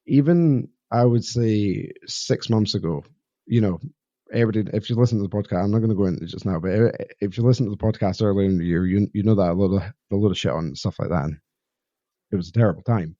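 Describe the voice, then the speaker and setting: A man's voice: on the low side, fast, warm tone, no room sound, muffled recording. A man with a Scottish Borders accent hosting a solo podcast, talking candidly and rambling in a self-deprecating way into a podcast mic. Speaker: podcast host. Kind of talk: solo reflective podcast monologue. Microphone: podcast microphone.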